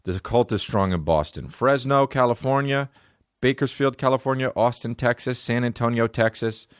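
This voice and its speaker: A man's voice: medium pitch, normal speed, clear, resonant tone, no room sound. A man hosting his comedy podcast in a rambling, profane monologue full of fillers. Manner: profane, rambling, many fillers, jumps into mock voices.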